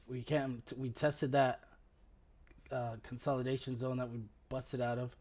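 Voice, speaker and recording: A man with a hoarse, raspy voice and a sore throat, clearing his throat often as he hosts a casual stock market livestream with many pauses and fillers. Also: medium pitch, flat delivery, darkish tone. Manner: halting, with many fillers and restarts.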